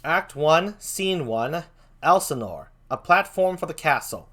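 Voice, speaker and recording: A man's voice: a little high, unhurried. An older man hosting a casual read-through of a play, chatting in asides between parts. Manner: animated, chatty asides, swears and laughs. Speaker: host reading a play aloud. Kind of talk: casual dramatic reading.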